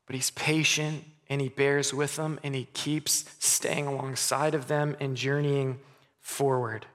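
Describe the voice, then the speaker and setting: A man in his thirties preaches a sermon with earnest conviction. He restarts his phrases often and sinks soft and quiet on the words that matter most. His slightly high voice rings out with a long reverb through a church hall. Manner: earnest, stammers on restarts, drops softly on key words. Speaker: pastor.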